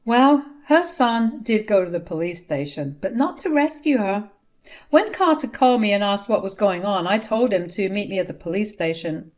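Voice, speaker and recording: A woman narrating a first-person family drama story in a steady, indignant way. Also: medium pitch, moderate pace.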